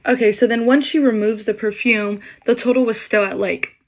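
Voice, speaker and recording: A woman's voice: a little high, steady tone, moderate pace. Chatty young woman telling a storytime. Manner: chatty, acts out customers' lines in quotes. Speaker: Sephora employee telling a story. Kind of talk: casual storytime.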